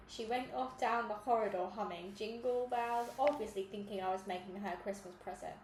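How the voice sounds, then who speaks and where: A woman reads a children's storybook aloud. Her voice sits fairly high, and she lifts it further for the dialogue. The room echoes, and a faint hiss runs underneath. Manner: lively, acts out dialogue with character voices. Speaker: audiobook reader. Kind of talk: storybook reading.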